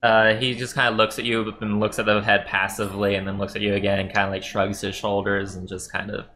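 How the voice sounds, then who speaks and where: A man serving as game master, narrating a tabletop game in a relaxed, chuckling way with many fillers. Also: on the low side, fast talker.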